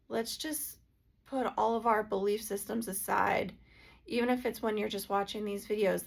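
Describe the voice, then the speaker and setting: A woman's voice: mid-range voice, gravelly. A woman and energy healer talking earnestly in a casual, heartfelt vlog, with plenty of filler "like"s.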